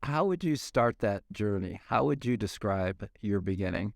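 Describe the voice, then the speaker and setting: A man's voice: lowish voice, lively intonation, moderate pace, creaky, dry recording, clean studio sound. A man hosting a podcast interview, joking with his co-host and asking the guest questions.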